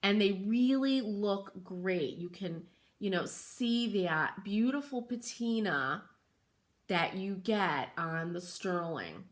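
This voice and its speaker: A woman hosting a craft livestream from home, chatting casually and reading viewer comments aloud, greeting people by name with sudden excited exclamations. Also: medium pitch, slow.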